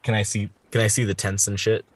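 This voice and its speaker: A man with a very deep voice plays a tabletop game and talks in a laid-back, casual way. The recording is dry and close. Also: little pitch movement, fast talker, dry recording. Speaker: player.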